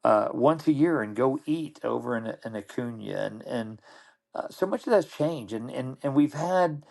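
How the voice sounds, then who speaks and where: A middle-aged man guesting on a podcast tells old stories casually, rambling, restarting sentences and repeating words. His mid-range voice is creaky and darkish, animated, at a moderate pace.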